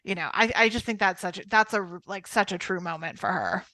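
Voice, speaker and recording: A woman chatting on a podcast at an ordinary pitch, agreeable and quick to chime in. Her voice sounds close and dry. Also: pushed and bright, no echo. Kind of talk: casual podcast chat.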